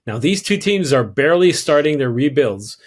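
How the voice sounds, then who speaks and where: A man's voice: a little high, very animated, moderate pace. A man with a French Canadian accent, a native French speaker, co-hosting a podcast and reading listener questions aloud. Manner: reads listener questions aloud, light self-deprecating humor. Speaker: podcast co-host. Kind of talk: casual podcast chat, reading a mailbag question.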